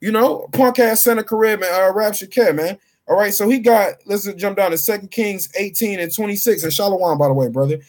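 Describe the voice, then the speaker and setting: A man's voice: high-pitched, fairly quick, few pauses. A man reading scripture aloud and paraphrasing it in casual, slangy street talk as a bible teacher. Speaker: street preacher.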